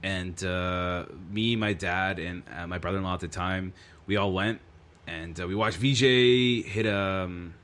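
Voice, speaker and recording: A man's voice: low-pitched, steady tone, a little slow, fairly bright tone. A man co-hosting a casual sports podcast, telling rambling stories and laughing mid-sentence. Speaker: podcast co-host. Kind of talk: casual chat.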